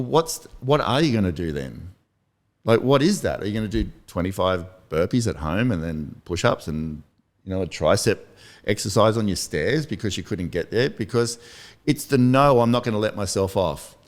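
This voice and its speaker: A man, hosting a casual motivational podcast and telling rambling, self-deprecating stories. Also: fairly low pitch. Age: 50s. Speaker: podcast host.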